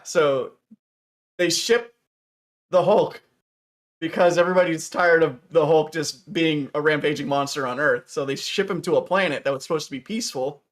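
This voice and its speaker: A man in casual chat as a stream co-host, rambling with many restarts and trailing off softly. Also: a little high. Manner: mimics characters with raised excited voice.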